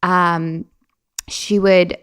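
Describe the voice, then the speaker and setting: A woman's voice: lowish voice, little pitch movement, very slow, fairly bright tone, clean tone. A young woman, a podcast guest, telling a personal story in a casual, chatty way, with lots of "like" fillers and restarts. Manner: chatty, many "like" fillers and restarts, laughs often.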